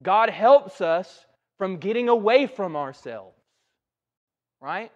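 A male pastor preaches in a church sanctuary with a high-pitched, lively, slow voice of darkish tone, captured on dull audio. His sermon is conversational, and he often asks "right?".

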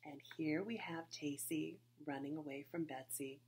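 A woman reading a children's chapter book aloud with expressive, lively storybook delivery. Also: sits low, normal speed, a little hiss or hum. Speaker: reader, society board member.

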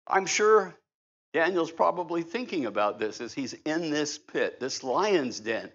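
Animated pastor preaching with a lively voice. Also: male voice, mid-range voice. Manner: animated, conversational preaching with humor. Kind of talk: sermon. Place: church sanctuary. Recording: slightly dull, lo-fi church recording.

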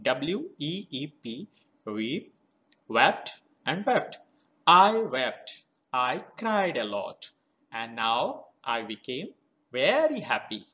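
Man, teacher explaining a poem, slow and spelling words out, bright voice, slightly dull recording. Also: mid-range voice, very animated.

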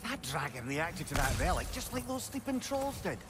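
A man's voice: fairly high pitch, sing-song, moderate pace. An actor playing an adult male video game character, speaking scripted game dialogue in a conversational way. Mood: curious. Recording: loud noisy game audio.

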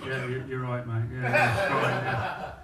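Crude stand-up comedian. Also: male voice, medium pitch, monotone, measured pace. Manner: cheeky, crude, self-mocking storytelling. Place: comedy club stage, indoors. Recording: echoey club from far off, audience noise.

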